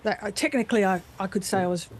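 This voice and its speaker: A middle-aged Australian woman talking as a guest in a live news interview, chatty and playful, slipping into quick impressions. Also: mid-range voice. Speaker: voice actor guest.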